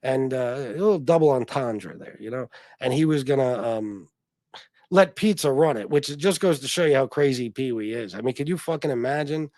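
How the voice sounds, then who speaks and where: On a laid-back livestream, a male host with a mid-range, somewhat mellow voice reads out donations and chat messages at a normal speed with lively intonation. He rambles and curses freely, restarting many times, and there's no echo.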